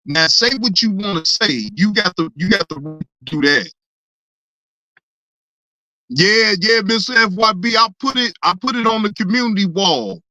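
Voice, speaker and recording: A reaction channel host in casual commentary, laughing often, teasing chat viewers and repeating words in excited bursts. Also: mid-range voice, moderate pace, dry recording.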